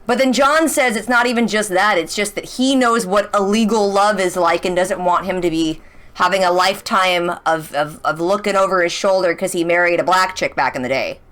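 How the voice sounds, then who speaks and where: A young woman chatting casually as she recaps a TV episode. She is excitable, full of "like" and rhetorical questions. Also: fairly low pitch, normal speed. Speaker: reaction channel host.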